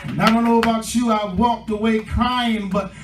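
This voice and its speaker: A male pastor preaching a sermon, his delivery swelling into impassioned shouting as the congregation answers him. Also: high-pitched, steady tone, normal speed. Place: church sanctuary. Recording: echoey church room from a distance with faint music.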